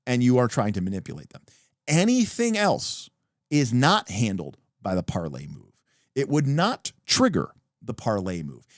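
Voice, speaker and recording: A man hosts a livestream and explains game rules with real emphasis, his pitch swinging widely as he talks. His voice sits at an ordinary middle pitch. The recording is close and dry, with no room sound. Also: no room sound. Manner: animated, emphatic explaining with profanity. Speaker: podcast host. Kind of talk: livestream talk about tabletop games.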